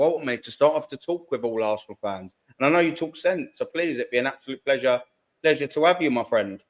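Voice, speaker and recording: A man hosting a live fan call-in stream, chatty and slangy, swearing freely and calling everyone mate. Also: mid-range voice. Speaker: host of a fan call-in show. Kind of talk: casual live-stream chat.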